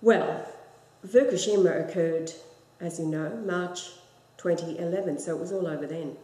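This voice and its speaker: Low-voiced woman in an echoey room. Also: normal speed, mellow. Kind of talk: casual chat. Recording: roomy echo.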